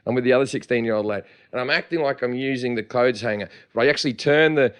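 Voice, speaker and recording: An Australian man in casual podcast chat, telling profane, laughing stories at a quick clip. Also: medium pitch, clean tone. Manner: fast, profane, laughing storyteller. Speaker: podcast co-host.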